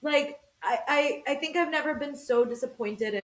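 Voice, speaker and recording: A woman in her thirties with a fairly high voice rants with animated energy as a podcast host. Her quick asides and emphatic turns carry through a room with a noticeable echo. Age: 30s. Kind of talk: casual podcast chat. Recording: roomy echo.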